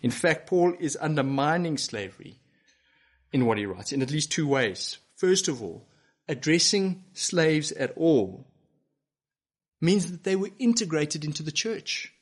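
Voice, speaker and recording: A man's voice: fairly high pitch, lively intonation, unhurried, husky. A man preaching a sermon to a broadcast congregation, earnest and emphatic, pressing his listeners with rhetorical questions. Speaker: pastor. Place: church broadcast to home viewers.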